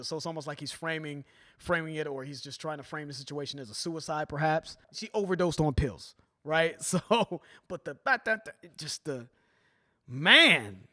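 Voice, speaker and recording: Excited man breaking down rap lyrics. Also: a little high, moderate pace. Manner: animated, keeps asking "right?" and "you know what I'm saying?"; quotes and re-raps lyrics with emphasis. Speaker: music reaction host. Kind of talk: casual reaction commentary.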